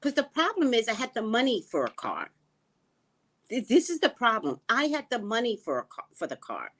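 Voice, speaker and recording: A woman running a spiritual vlog, talking slowly and reflectively and often dropping to a hushed tone. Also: fairly high pitch, wildly swooping pitch. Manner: slow, musing, often drops to a hushed tone. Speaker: spiritual reader and vlogger. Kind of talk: reflective personal talk. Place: living in the Caribbean.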